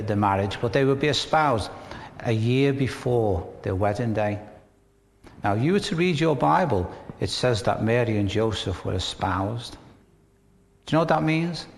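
A man's voice: medium pitch, long reverb tail. A man with a Northern English accent, preaching a sermon in a conversational way, with rhetorical questions and humor. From northern England. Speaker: pastor.

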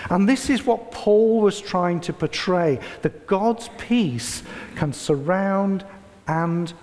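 A man preaching a sermon and reading a story aloud, slow and deliberate, with dramatic pauses. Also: high voice, a little mellow. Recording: long hall reverb.

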